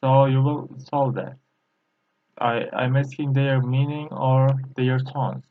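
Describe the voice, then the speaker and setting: A man whose first language is Turkish, teaching a Chinese lesson in slow, halting English full of fillers. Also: mid-range voice, level tone, phone-quality sound. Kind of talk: screen-recorded language lesson.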